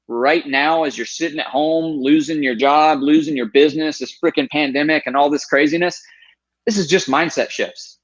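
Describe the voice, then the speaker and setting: A man's voice: fairly high pitch, normal speed, dull audio. A man in his thirties, a guest on an interview show, telling his story earnestly and with emphasis. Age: 30s.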